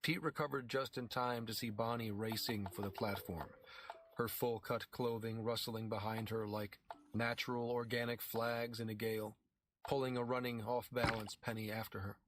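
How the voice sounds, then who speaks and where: A man's voice: mid-range voice, little pitch movement, background noise. Man reading a dramatic audiobook. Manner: measured, dramatic storytelling. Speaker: narrator. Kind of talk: scripted audiobook narration.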